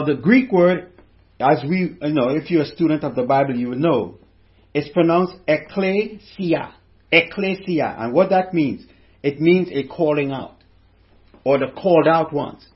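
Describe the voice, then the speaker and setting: A man with a high voice preaches a sermon, stopping often to put questions to his listeners. The recording is dull and lo-fi. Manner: preaching with rhetorical questions to the congregation. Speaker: pastor.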